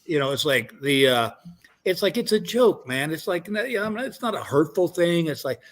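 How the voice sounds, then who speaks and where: A man's voice: on the high side, very animated, normal speed, fairly bright tone. An older man, a guest comedian, telling stories in casual chat and rambling with many restarts.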